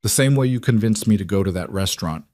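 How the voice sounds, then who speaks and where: A man voicing a cold, controlled young man who gives orders in an even, commanding tone. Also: lowish voice, quick pace, no room sound, lightly acted.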